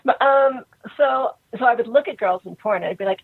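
A woman in her thirties speaks as an interview guest, frank and relaxed, with "like" dropped all through her talk. Her husky voice comes through thin and tinny, like a phone line. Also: a little high, fairly quick, no room sound. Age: 30s. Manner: frank, relaxed, many "like" fillers.

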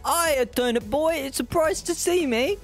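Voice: high-pitched, moderate pace, soft background music, pitched above the performer's own voice. A streamer voicing a cheery scientist in a mock British accent that drifts toward Australian. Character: cheery scientist working for the mob.

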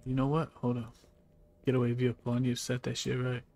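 A man's voice: medium pitch, monotone, fast, darkish tone, a little hiss or hum. A male streamer giving loose, profane gameplay commentary, chuckling to himself as he plays. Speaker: gaming streamer.

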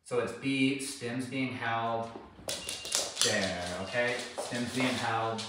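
A man working as a dog trainer, calmly explaining his method while coaching a dog and sometimes switching to high, cheerful praise. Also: slow. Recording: distant echoey mic with faint noise.

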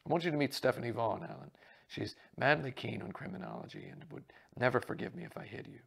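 A jovial male stage actor booms out his lines in a breezy, theatrical way, as a reader puts him on. The voice is gravelly and husky. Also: big pitch swings, fast, fairly bright tone, heavily acted.

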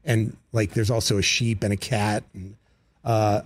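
Animated man telling a comedy backstory. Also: lowish voice, dry recording. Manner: animated, quick asides and acted-out quotes. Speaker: comedy writer and guest. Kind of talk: casual interview storytelling. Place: radio studio.

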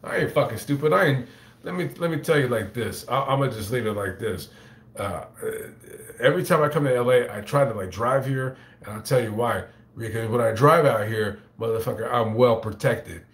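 In a roomy-sounding space, a man with a medium-pitched voice talks at normal speed, YouTuber-style, telling a story to camera and reading chat. He curses a lot, wanders off track, and keeps tripping over his words and starting over.

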